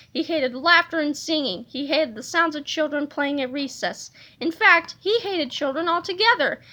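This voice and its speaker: A woman reading a children's storybook aloud in a lively, playful way, adding sound effects. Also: very high-pitched. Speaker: reader of a children's book.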